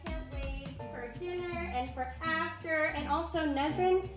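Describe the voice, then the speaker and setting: High-voiced woman toasting her guests. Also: measured pace. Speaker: party host. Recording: echoey room with loud music. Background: loud music.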